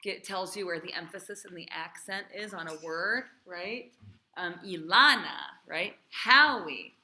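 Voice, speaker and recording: Bright-voiced woman teaching a class. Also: lowish voice, fairly even intonation, moderate pace, slight background noise. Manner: chatty, encouraging, quizzing students.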